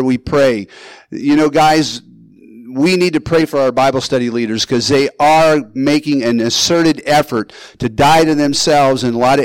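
Older male pastor, earnest, conversational sermon voice, mid-pitched, dry close sound. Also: no room sound, low-quality recording. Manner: earnest, conversational preaching with asides. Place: church.

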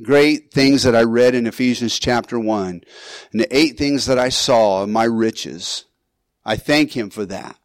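A man's voice: mid-range voice, dry recording, poor audio. An older male pastor giving an earnest, conversational sermon in his church, speaking straight to his congregation with casual asides.

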